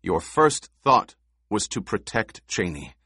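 A man's voice: on the low side, sing-song, pushed and bright, breathy edge, no echo, studio quality, full character voice. A man doing a commanding young duke. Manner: commanding, measured. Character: commanding young male duke, calm and forceful.

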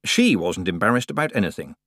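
A male audiobook narrator with a lowish voice and an animated, wide-ranging melody. The read is expressive and scripted, recorded dry and close with no room sound. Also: a little fast, no echo.

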